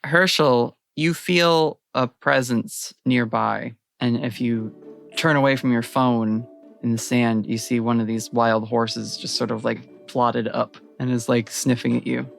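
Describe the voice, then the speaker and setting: Gravelly-voiced man narrating a game. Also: mid-range voice, steady tone, measured pace, fairly bright tone, faint music behind. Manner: descriptive, rambling with fillers. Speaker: game master.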